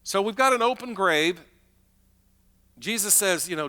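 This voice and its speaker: A man's voice: high-pitched, lively intonation, unhurried, bright, forceful tone, big-room sound. A man preaching a sermon as pastor, telling the story in a chatty, conversational way with acted-out asides.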